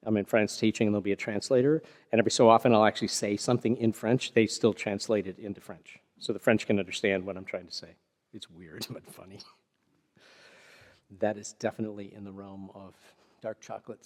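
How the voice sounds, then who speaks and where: A man teaching karate techniques to a class, explaining in a chatty, self-deprecating way with a partner beside him. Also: medium pitch. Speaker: karate instructor. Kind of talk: hands-on martial arts teaching. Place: large karate dojo with a partner. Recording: long hall reverb.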